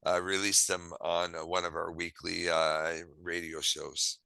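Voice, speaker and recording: A man telling stories in a casual chat, lively and acting out the dialogue. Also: deep voice, a little slow, creaky, clean tone, dry recording, low-quality recording. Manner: lively, acts out quoted dialogue; self-described quirky. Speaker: podcast host. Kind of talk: casual storytelling.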